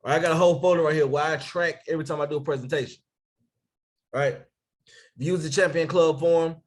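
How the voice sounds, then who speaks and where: A man running a team training on a live stream as a business coach, energetic, asking viewers for comments and shouting out names. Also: a little high.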